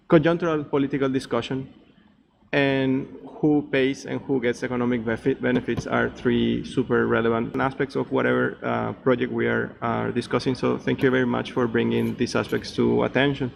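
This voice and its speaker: Gravelly-voiced male academic interviewer. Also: medium pitch, little pitch movement, moderate pace, background noise. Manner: hesitant, thoughtful, filler-heavy phrasing. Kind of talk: academic interview, summarizing points.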